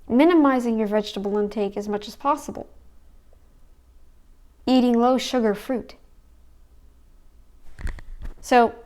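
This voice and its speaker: A woman's voice: on the high side, a little mellow. A woman giving rambling, sarcastic reaction commentary who talks back to the video she is watching.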